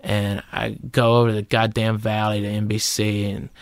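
A middle-aged man with a Southern American accent, a guest comedian telling a lively, profane story in a podcast interview. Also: on the low side, normal speed, vocal fry, no room sound. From Southern United States.

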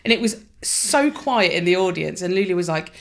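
A woman's voice: on the low side, expressive, normal speed, vocal fry. A woman, co-hosting a casual pub-chat podcast, telling a story with frequent laughter. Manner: chatty storyteller, laughing often. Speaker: podcast co-host.

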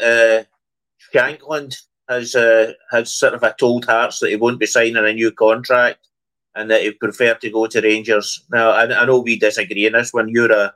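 A man's voice: medium pitch, a bit bright, rough recording. A man, co-hosting a football podcast in casual conversation, with stammering restarts. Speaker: podcast co-host.

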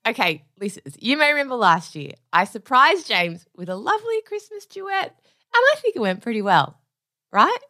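A woman's voice: on the high side, very animated, moderate pace, pushed and bright. An Australian woman co-hosting a podcast, giggly and playful in casual banter. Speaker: podcast co-host.

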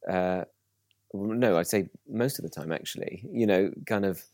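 A man's voice: sits low, moderate pace, darkish tone, no echo, studio quality. A British man, an author and comedian, guesting on a podcast and talking in a thoughtful, self-deprecating, hesitant way.

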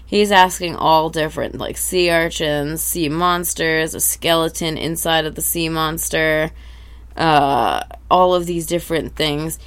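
A woman's voice: low voice, fairly even intonation, a little slow, clean tone. A woman co-hosting a podcast, animatedly retelling a cartoon episode and acting out the characters' lines. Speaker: podcast co-host. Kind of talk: casual recap chat.

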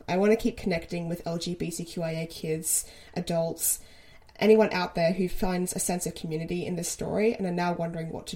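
A woman's voice: fairly low pitch, darkish tone. A woman co-hosting a podcast, speaking earnestly in casual chat, laughing often and swearing now and then. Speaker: podcast co-host.

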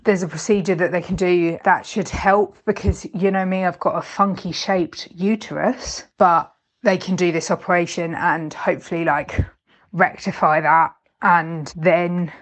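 A woman leaving a heartfelt, rambling voice message to a podcast, tender and emotional. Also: fairly low pitch. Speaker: listener sending a voice message.

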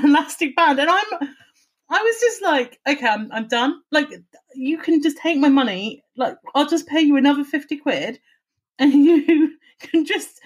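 A woman telling an animated story in casual chat, swearing and laughing as she goes. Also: high voice, moderate pace.

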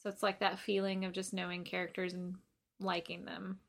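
A young woman co-hosting a casual podcast, laughing often and retelling scenes with animated, swearing energy. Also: lowish voice, moderate pace, gravelly. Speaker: podcast co-host. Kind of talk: casual chat.

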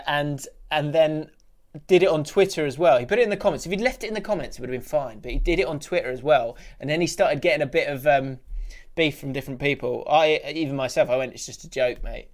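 A man co-hosting a football podcast, chatting casually and laughing as he reads listener messages aloud. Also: a little high. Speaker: podcast co-host. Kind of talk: casual chat.

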